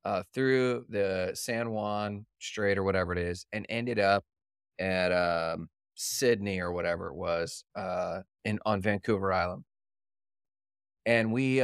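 Laughing, animated male podcast host. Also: lowish voice, clear, resonant tone, dry recording, studio quality. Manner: animated storyteller, acts out quotes, laughs often. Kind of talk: casual chat storytelling.

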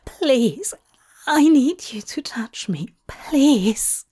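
A woman's voice: high voice, lively intonation, extremely slow, mellow, slightly rough, pitched above the performer's own voice, heavily acted. A woman voicing a desperate, aroused man who pleads between shaky breaths, in whispered role-play. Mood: pleading.

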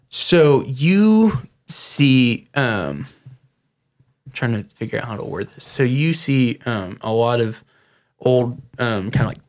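A man running a tabletop role-playing game as game master, describing scenes with many pauses and restarts. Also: mid-range voice. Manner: halting, many fillers and restarts.

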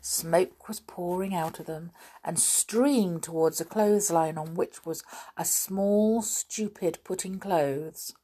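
Slow, expressive woman storybook narrator. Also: lowish voice, husky. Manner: expressive, unhurried. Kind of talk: children's storybook reading.

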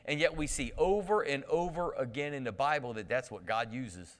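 A man's voice: medium pitch, moderate pace, hardly any pauses. A male pastor giving a sermon, telling camp stories with humor and calling out to the congregation. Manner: lively storytelling with humor and call-outs to the congregation. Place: church sanctuary. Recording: long reverb of a church hall.

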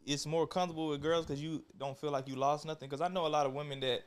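High-voiced, teasing man co-host. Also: steady tone, fast talker, smooth. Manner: insistent, teasing. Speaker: podcast co-host. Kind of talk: casual chat.

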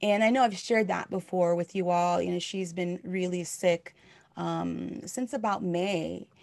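A woman's voice: on the low side, steady tone, unhurried, vocal fry, darkish tone, dry recording. Earnest woman minister, dry close sound. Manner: earnest and heartfelt, conversational with many fillers. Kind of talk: sermon.

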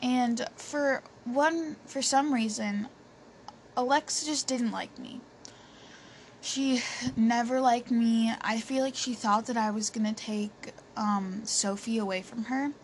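A woman's voice: on the high side, steady tone, slow. Chatty young woman telling a story. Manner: chatty, many fillers and restarts. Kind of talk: casual storytelling. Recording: faint background noise.

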